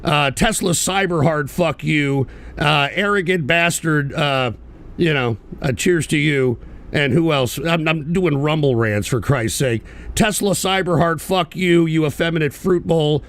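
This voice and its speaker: A man's voice: fairly high pitch, a little slow, fairly bright tone. A man hosting an online political show, ranting bitterly and profanely in a repetitive way. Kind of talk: livestream rant.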